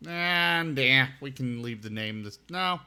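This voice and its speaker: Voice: mid-range voice, animated, takes it slowly, bright, forceful tone, clean tone. A streamer chatting casually while making a character, with dry, teasing remarks. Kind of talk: casual game-stream chat.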